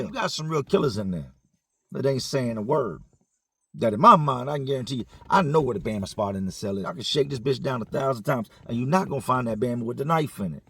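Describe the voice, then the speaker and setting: A man's voice: mid-range voice, animated, quick pace, a bit bright, slightly rough, no echo. A man telling a story casually, in profane, slangy conversational speech.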